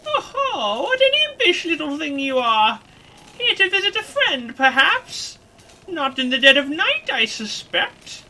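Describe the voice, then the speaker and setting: A cackling ancient crone. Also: female voice, sing-song, measured pace, sharp tone, heavily acted, low-quality recording. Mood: sly. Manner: cackling, teasing, high and quavery. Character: ancient hooded crone, sly and knowing.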